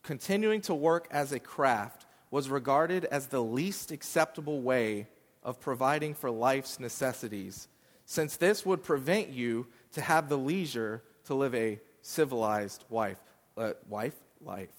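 A man's voice: mid-range voice, expressive, measured pace. Guy preaching, chatty and explaining as he goes, lots of echo from a big hall. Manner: conversational, explanatory, with many fillers. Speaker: pastor. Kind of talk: sermon teaching.

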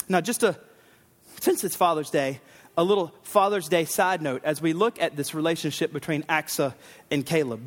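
High-voiced preacher in a reverberant hall. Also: male voice, moderate pace. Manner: animated, acts out Bible figures' lines. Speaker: pastor. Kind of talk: sermon.

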